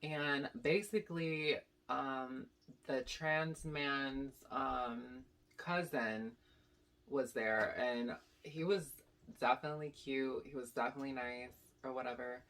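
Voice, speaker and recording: A young woman telling a casual storytime to her channel, animated and rambling with lots of "like" and "basically". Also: extremely low pitch, slow pace. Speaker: YouTube storyteller.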